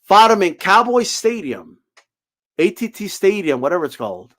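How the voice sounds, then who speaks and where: A man with a high voice delivers a fired-up boxing rant. He swears freely and mocks his critics sarcastically, telling them to shut up. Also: very animated, normal speed, fairly bright tone. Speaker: boxing commentator. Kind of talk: ranting commentary.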